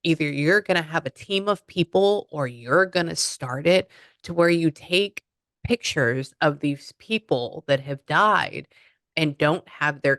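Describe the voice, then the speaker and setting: A woman working as a spiritual medium, chatting through a reading and relaying messages in quoted asides, swinging from excited exclamations to hushed murmurs. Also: sits low, dry recording.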